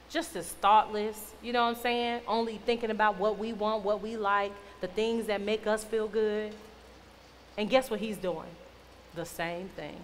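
A young adult woman giving a casual youth sermon as a youth minister. She talks in a conversational, playful, teasing way. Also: mid-range voice. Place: church youth hall. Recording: long reverb, faint noise.

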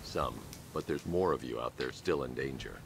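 A man's voice: a bass voice, moderate pace, gravelly. An actor playing a grim, stoic male caped vigilante who speaks in terse, clipped commands. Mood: reassuring. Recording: game audio with background noise.

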